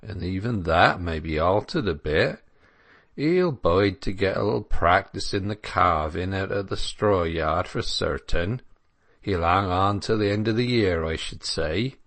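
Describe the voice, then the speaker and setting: A placid rustic dairy farmer with a low, gravelly voice, as a male audiobook narrator puts him on. He talks in an easy, offhand country drawl, unbothered by anything. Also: lively intonation, measured pace, fairly bright tone, no room sound, full character voice. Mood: unconcerned.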